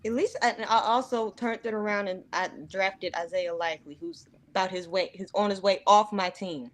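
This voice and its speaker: A woman's voice: mid-range voice, moderate pace. A woman on a sports podcast, talking in a sassy, dismissive way. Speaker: podcast co-host. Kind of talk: casual sports chat.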